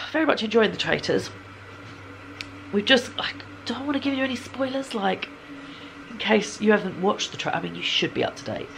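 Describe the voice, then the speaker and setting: A woman's voice: mid-range voice, sing-song, moderate pace, vocal fry, noisy background. A woman in her thirties chatting casually in a home vlog, rambling and giggly. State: slightly snotty with a cold. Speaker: vlogger. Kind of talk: casual chat. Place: home kitchen.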